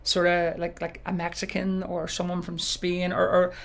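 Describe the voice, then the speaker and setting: A man's voice: high-pitched, completely flat delivery, moderate pace, vocal fry, fairly bright tone. A man from Northern Ireland co-hosting a wedding DJ podcast, rambling in casual chat with many fillers. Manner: rambling, lots of you know and sort of.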